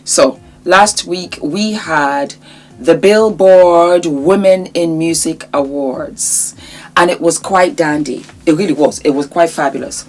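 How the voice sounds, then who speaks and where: A middle-aged woman hosting a chatty fashion vlog, theatrical and sassy, full of drawn-out endearments for her viewers. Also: sits low. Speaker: fashion vlogger.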